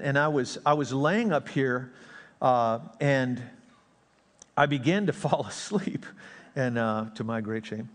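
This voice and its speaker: A middle-aged male pastor preaching a sermon in a church sanctuary, conversational, joking and self-deprecating. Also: medium pitch. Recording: long reverb of a church sanctuary.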